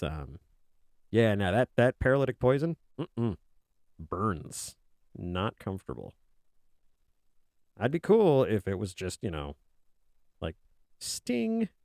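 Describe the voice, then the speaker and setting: At his desk indoors, an art streamer talks casually, rambling and cracking jokes as if he were a kobold, using his own voice. His tone is lowish and darkish, captured at studio quality with no echo.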